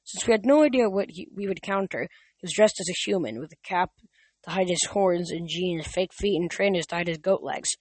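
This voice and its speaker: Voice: medium pitch, brisk, a little mellow, husky, dry recording. An amateur reader narrating a novel chapter in a plain voice, with frequent slips and restarts. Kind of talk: amateur audiobook reading.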